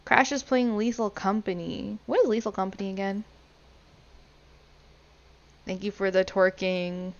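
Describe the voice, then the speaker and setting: Woman streamer chatting w/ viewers while gaming, kinda slow, cusses a lot, dull lo-fi audio. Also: medium pitch, fairly even intonation. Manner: greets and thanks chat viewers, swears casually. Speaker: livestreamer. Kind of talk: casual live-stream chat while gaming.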